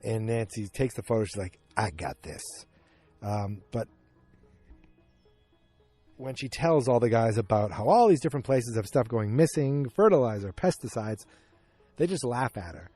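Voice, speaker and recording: A man's voice: mid-range voice, expressive, mellow, soft background music. Chatty man recapping outdoors. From Massachusetts. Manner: chatty, acts out character lines with quick voice shifts. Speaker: podcast host. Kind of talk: casual episode recap. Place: outdoors in a backyard.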